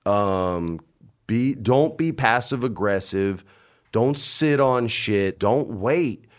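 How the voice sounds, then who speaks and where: A man in his forties chats in a relaxed, storytelling way. He leans on slang and swearing and keeps laughing as he talks. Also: medium pitch, slow. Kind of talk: casual storytelling chat.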